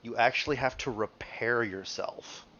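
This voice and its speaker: A man's voice: mid-range voice, moderate pace, sharp tone, dull audio. A man acting as game master, explaining tabletop rules in a rambling, casual way. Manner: rambling, many restarts and fillers, laughs often.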